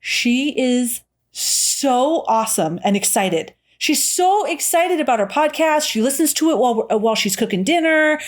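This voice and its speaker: A woman co-hosting a casual horror-movie podcast, chatty and quick to laugh. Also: high-pitched, lively intonation. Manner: chatty, laughs often, quickly acts out quoted voices. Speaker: podcast co-host. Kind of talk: casual chat.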